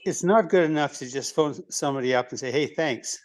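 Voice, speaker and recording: A man's voice: fairly high pitch, fast. An older man sharing in a group call, a longtime lawyer with an emphatic, wry, plain-spoken manner. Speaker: course participant, longtime lawyer. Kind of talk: casual group share.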